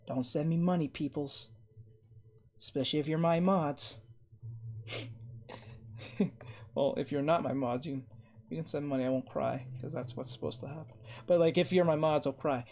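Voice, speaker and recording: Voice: medium pitch, normal speed, pauses often, darkish tone. An art streamer in casual livestream chat while drawing, teasing viewers playfully and talking through each sketching step.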